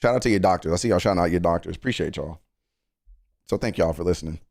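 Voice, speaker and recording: A man's voice: sits low, quick pace, a little mellow, dry recording, clean studio sound. A man hosting a music reaction live stream, talking earnestly to his chat, rambling with stammered restarts and casual swearing.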